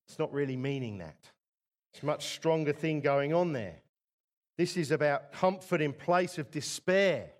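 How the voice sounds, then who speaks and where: A middle-aged man from England preaching a sermon in a conversational way, often asking the congregation rhetorical tag questions. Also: mid-range voice.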